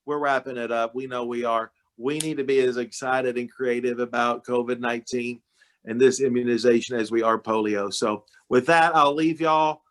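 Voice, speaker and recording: A man's voice: mid-range voice, fairly even intonation, normal speed. A man, speaking to a club meeting over a video call in a folksy, storytelling way while recovering from illness. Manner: folksy, storytelling, warm-hearted address. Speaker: county judge guest speaker. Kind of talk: casual talk to a club meeting.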